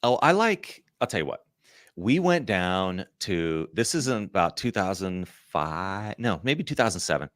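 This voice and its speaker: A man's voice: deep voice, very animated, measured pace, fairly bright tone, no room sound, studio quality. A man in his thirties, a podcast guest, telling a story in a casual, rambling way full of "like" and "you know".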